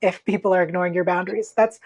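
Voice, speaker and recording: A woman's voice: on the low side, steady tone, quick pace, a little mellow. A woman appearing as a podcast guest, speaking in a thoughtful way and picking up the conversation thread. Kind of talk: casual chat.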